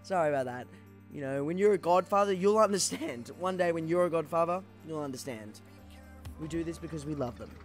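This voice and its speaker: A man's voice: a little high, expressive, fairly quick, soft background music. A man co-hosting a casual gaming stream, rambling and swearing in mock-scolding banter. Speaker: podcast co-host.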